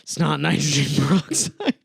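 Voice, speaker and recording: A man's voice: a little high, very animated, normal speed, vocal fry, husky, dry recording, clean studio sound. A man co-hosting a comedy podcast, reading odd news stories in casual chat and laughing often. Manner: laughs often between words. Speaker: podcast co-host.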